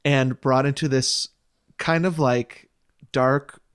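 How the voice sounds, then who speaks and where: A man's voice: medium pitch, fairly even intonation, slow pace, smooth. A man co-hosting a podcast, chatting casually as he recaps a film's plot with frequent laughs and fillers. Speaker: podcast co-host. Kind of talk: casual movie recap chat.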